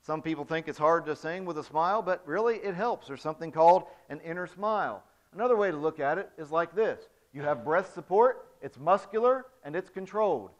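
A man giving a demonstrative spoken voice lesson to a church congregation, moving from soft to loud to show his points. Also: fairly high pitch, animated, a little fast, few pauses. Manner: demonstrative, explains with physical examples, swings from soft to loud. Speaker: church music director teaching singing. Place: church sanctuary. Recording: dull lo-fi recording.

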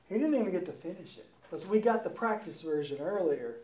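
A man's voice: sits high, lively intonation, fast talker, few pauses, darkish tone, a little hiss or hum. A man preaching a sermon in a church, emphatic and repeating his key words, recorded from a distant mic in a roomy space.

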